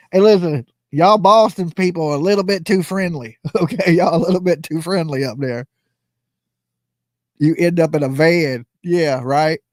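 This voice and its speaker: A man's voice: on the high side, no room sound, clean studio sound. A man hosting a casual livestream, joking, rambling and laughing often. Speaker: livestream host commenting on a trial.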